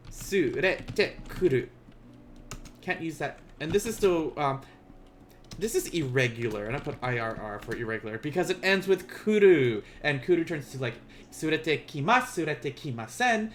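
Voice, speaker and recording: A man teaching a casual live-streamed Japanese lesson, joking with viewers and slowing down to pronounce each word. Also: on the high side, fairly bright tone, a little hiss or hum. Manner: playful, laughs and teases chat viewers; slows down to pronounce Japanese words.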